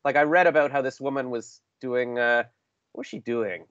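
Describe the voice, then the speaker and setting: A man's voice: mid-range voice, fairly even intonation, moderate pace, fairly bright tone, dry recording. Chatty self-deprecating man on lo-fi audio. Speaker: podcast host. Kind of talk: casual interview chat. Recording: dull lo-fi call audio.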